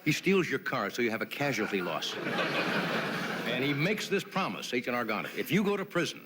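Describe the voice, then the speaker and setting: A man's voice: mid-range voice, sing-song, a little fast, very noisy. A man hosting a late-night talk show, delivering a comedy monologue with wry jokes and chatty asides to his sidekick in a TV studio. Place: TV studio with live audience.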